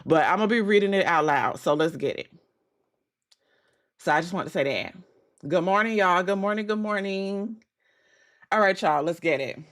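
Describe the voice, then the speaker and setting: A woman's voice: low-pitched, lively intonation, moderate pace, pauses often, fairly bright tone. A woman hosting a casual livestream, talking bluntly and with plenty of swearing to her viewers, her voice cracking because she has just woken up. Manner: blunt, profane, chatty with viewers. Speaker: livestream host.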